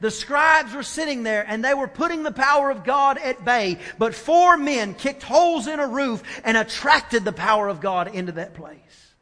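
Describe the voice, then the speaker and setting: A male pastor preaching a sermon, swinging from soft asides to loud, emphatic declarations. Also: very high voice, animated, normal speed, few pauses. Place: church sanctuary. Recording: long church reverb.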